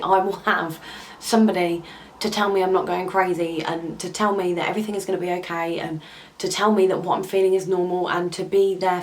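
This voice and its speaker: Young woman vlogger, low-pitched, heartfelt and confiding, faint noise in the background. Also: rough recording. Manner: heartfelt and confiding, with hesitant ums. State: close to tears at times. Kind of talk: candid personal talk to camera.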